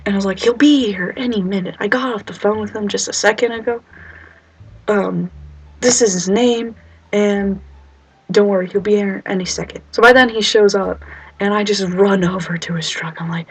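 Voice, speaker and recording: Husky young woman telling a story. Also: mid-range voice, normal speed, poor audio. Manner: animated, acts out quoted voices, nervous humor. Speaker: vlogger. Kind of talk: casual storytime vlog.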